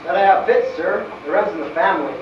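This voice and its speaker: A man's voice: high voice, quick pace, a little hiss or hum, lightly acted. A young man playing a shy, polite young man of nearly twenty, in an amateur stage play. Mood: meek. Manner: meek and polite, says "sir". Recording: distant muffled echoey stage recording.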